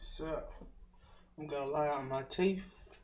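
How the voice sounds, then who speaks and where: A man casually commenting on his gameplay, talking quietly in mumbled asides. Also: fairly high pitch, unhurried. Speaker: let's play host. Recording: echoey, distant, dull mic with clear noise.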